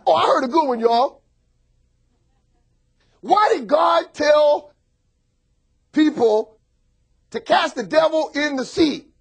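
A male pastor preaching a sermon, joking with the congregation and swinging from soft asides to shouts. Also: very high voice, lively intonation, slow pace, pauses often.

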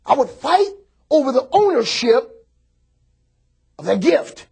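High, wildly swooping shouting preacher man. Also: takes it slowly, gravelly, husky. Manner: animated preaching, often bursts into shouts and calls out to the congregation. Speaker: pastor. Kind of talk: sermon.

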